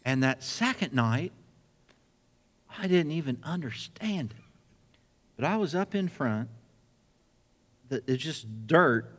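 A man preaching a sermon, telling a personal story with lively acted-out dialogue. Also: fairly high pitch, slow pace, pauses often, big-room sound. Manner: animated storyteller acting out dialogue. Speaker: pastor.

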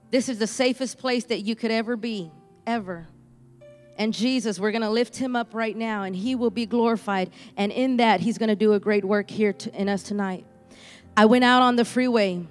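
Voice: mid-range voice, big-room sound. A church speaker from Houston giving a fervent preaching testimony, repeating phrases for emphasis. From Houston, Texas.

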